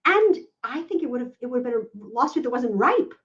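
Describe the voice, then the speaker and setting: A woman's voice: high-pitched, big pitch swings, a little fast. A woman legal analyst giving emphatic podcast commentary, often checking in with "right?". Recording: dull lo-fi audio.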